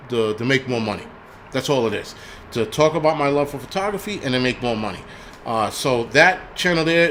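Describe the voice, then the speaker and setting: A man ranting on his own livestream at a middle pitch, swearing freely and restarting sentences as he goes. His delivery is loose and rambling, with a faint hiss of noise under the voice. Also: a bit bright. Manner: profane, rambling, frequent restarts. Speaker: livestream host. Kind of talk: casual livestream rant.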